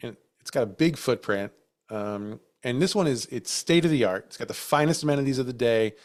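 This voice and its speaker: A man's voice: medium pitch, animated, a little fast. A man co-hosting a live podcast, sharing history with wry, dry quips. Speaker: podcast co-host.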